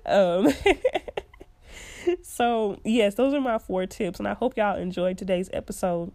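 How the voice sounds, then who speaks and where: A woman's voice: mid-range voice, slow, dark tone, no echo. A young woman hosting a podcast, giving casual advice in a chatty way and laughing often. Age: young adult. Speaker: podcast host.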